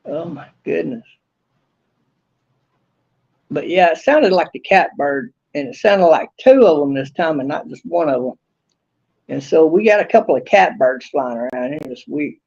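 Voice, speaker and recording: A man with a gravelly, fairly high voice chats in a rambling, folksy way, full of drawn-out fillers. He records outdoors behind a house. The sound is dull and lo-fi. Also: expressive, darkish tone. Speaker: vlogger. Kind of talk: casual outdoor vlog.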